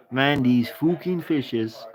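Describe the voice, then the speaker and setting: A man's voice: mid-range voice, poor audio. A tired man commentating a live game stream, chatting with viewers, laughing often and swearing casually.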